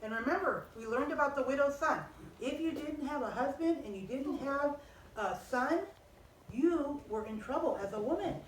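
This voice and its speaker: Storyteller: high, lively woman teaching kids, distant and echoey. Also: normal speed, a little hiss or hum. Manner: animated, expressive, asks the children questions. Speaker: children's Bible teacher. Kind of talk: storytelling to children.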